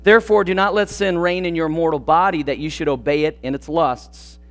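A pastor delivering a sermon in an earnest, emphatic way. His voice sits somewhat high for a man, and he leans into questions with rising force. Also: fairly even intonation. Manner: hushed, slow and reverent in prayer. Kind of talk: sermon with prayer and scripture reading.

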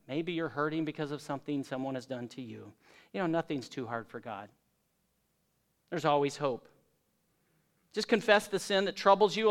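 A man delivers a sermon as a pastor, his voice sitting on the higher side. He leans hard into key words, then drops into soft, low asides. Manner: emphatic, swinging between loud stresses and soft low asides.

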